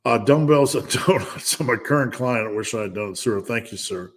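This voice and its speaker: A man's voice: mid-range voice, brisk. A middle-aged man hosting a live stream, reading viewers' questions and answering with blunt, joking lifting advice. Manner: blunt, joking, coach-like advice with frequent restarts. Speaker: strength coach hosting a live Q&A.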